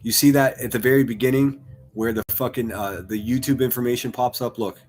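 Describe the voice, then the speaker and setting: A man's voice: mid-range voice, steady tone, fairly quick, a little mellow. A man streaming and commentating, swearing constantly in a crude, mocking rant. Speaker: streamer reacting to other streams. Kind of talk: profane ranting commentary.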